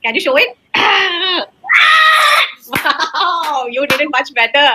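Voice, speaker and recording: A woman's voice: high-pitched, normal speed, raised voice, very noisy. A woman teaching a child in an online class, encouraging him and laughing often. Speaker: teacher in a recorded demo class. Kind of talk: animated kids' online class.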